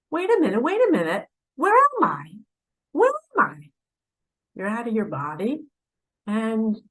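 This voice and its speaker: Dramatic, slow-talking woman spiritual teacher. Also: medium pitch, rough recording. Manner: dramatic, swinging from loud urging to hushed asides; preachy, asks the listener pointed questions. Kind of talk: direct-to-camera spiritual talk.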